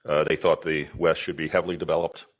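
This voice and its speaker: A middle-aged man giving a conference keynote, folksy and halting, with restarts and jokes. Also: extremely low pitch, flat delivery. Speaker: keynote speaker, agency deputy director.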